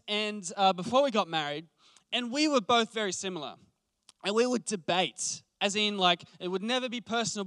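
A man in his late twenties preaches in a relaxed, conversational way, passionate and full of restarts as he thinks aloud. His voice sits fairly high and sounds smooth and resonant. The sound is dry and close. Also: dry recording. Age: late 20s. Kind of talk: conversational sermon.

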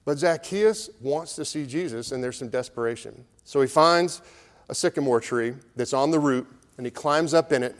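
A man's voice: medium pitch, normal speed. A middle-aged man, a pastor, preaching a conversational, storytelling sermon. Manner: conversational, storytelling preaching with acted crowd voices. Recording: long hall reverb.

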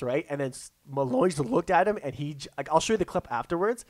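A man's voice: a little high, expressive, quick pace, a little mellow, dry recording. A man co-hosting a casual chat, rambling with many fillers and restarts as he retells events.

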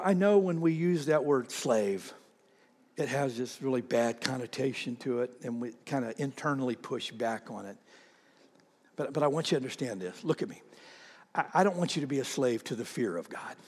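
A man preaching a sermon as pastor, animated, repeating himself and calling on the congregation to read aloud. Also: mid-range voice, husky, big-room sound. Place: church sanctuary.

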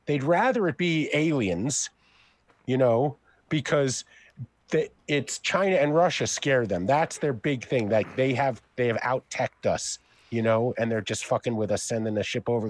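A man's voice: mid-range voice, dry recording. A man co-hosting a casual podcast, wry and conspiratorial, swearing and spinning long joking theories. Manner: wry, conspiratorial, swears, tells drawn-out jokes. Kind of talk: casual chat.

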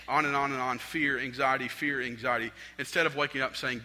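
A young adult man preaching a sermon from a stage, swinging between loud appeals and hushed, prayerful lines. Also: medium pitch, brisk. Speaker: pastor. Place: stage in a large hall. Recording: long hall reverb.

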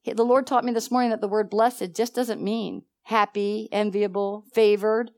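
Animated woman teaching Bible study. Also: mid-range voice, moderate pace. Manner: animated, laughs often, acts out dialogue. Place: church meeting room.

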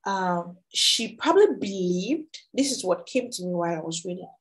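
A woman teaching a Bible study, reading scripture aloud and explaining it in a loose, halting, conversational way. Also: on the low side, lively intonation, low-quality recording.

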